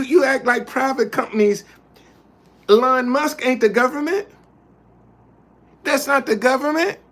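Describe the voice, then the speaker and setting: Man, livestream host, heated, repetitive, slow-paced, a bit high. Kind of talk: casual livestream talk.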